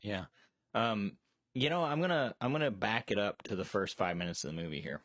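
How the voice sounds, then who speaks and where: A man's voice: on the low side, lively intonation, fairly quick, fairly bright tone, no echo, studio quality. A man co-hosting a casual movie chat on a live stream, rambling with many restarts and fillers. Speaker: co-host. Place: storage shed.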